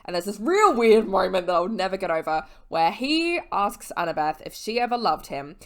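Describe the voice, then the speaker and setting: A woman's voice: mid-range voice, sing-song, moderate pace. A tipsy woman talks straight into her camera, slurring her words as she rambles through a book recap. She swears freely and breaks off into giggly asides. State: drunk, slurring. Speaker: book vlogger. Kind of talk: casual book series recap.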